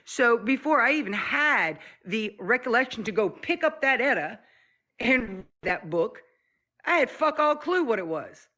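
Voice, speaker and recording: A woman hosting a casual group talk with a bright, forceful voice. She speaks earnestly and reflectively, pressing her points with emphasis. Some background noise sits under her mic. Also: on the high side, animated, unhurried, dull audio. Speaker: podcast host.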